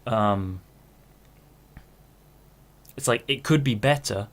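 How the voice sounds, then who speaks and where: A podcast host in his twenties rambles through a solo monologue, interrupting himself and swearing casually. He speaks slowly at a medium pitch.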